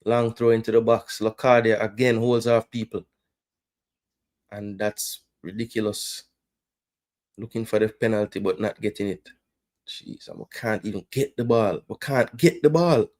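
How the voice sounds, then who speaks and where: A man with a Jamaican accent hosting a fan watch-along, reacting live to the match and yelling instructions at the players. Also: fairly low pitch, level tone, moderate pace. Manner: swings between loud cries and muttered groans.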